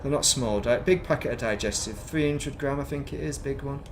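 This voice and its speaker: A man's voice: mid-range voice, a little fast, slight background noise. A middle-aged man from England, chatting casually and rambling while streaming a space game, self-mocking and chatty. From northern England.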